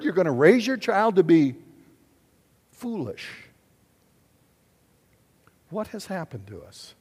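An older man preaching a sermon in a church, animated and questioning his congregation. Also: high voice, slow pace, long pauses, slightly rough. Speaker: pastor. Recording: long hall reverb.

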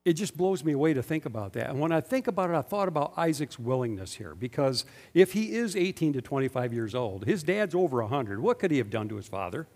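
A man's voice: fairly high pitch, very animated, quick pace, hardly any pauses, a little mellow. A man preaching a sermon. He speaks emphatically and keeps asking the congregation rhetorical questions, and the recording has a long hall reverb. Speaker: pastor.

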